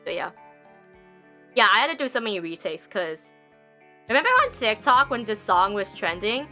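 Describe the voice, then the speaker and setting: Giggly, animated young woman streamer. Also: mid-range voice, moderate pace, faint music behind. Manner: giggly, rambling with many fillers. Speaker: livestreamer. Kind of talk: casual stream chat.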